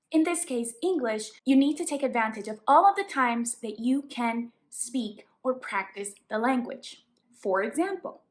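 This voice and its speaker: Colombian-accented woman teaching English tips. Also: a little high. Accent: Colombian Spanish. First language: Spanish. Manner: clear, explanatory, emphatic on examples. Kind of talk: tips lesson to camera.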